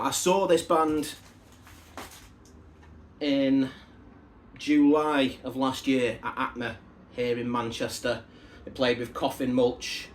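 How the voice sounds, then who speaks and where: A man talks casually as he shows off a parcel of records. He rambles into asides, and his voice drops softer whenever he wanders off on a tangent. His voice sits at an ordinary middle pitch. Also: a little hiss or hum. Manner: rambling and chatty, with asides and side stories. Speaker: record collector showing a parcel of vinyl albums. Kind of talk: casual unboxing chat to camera.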